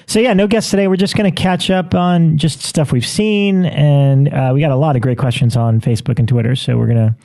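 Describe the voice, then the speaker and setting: Guy hosting a podcast, kinda high mellow voice, upbeat and jokey. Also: fairly quick, creaky, hardly any pauses. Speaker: podcast host. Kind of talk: casual podcast chat.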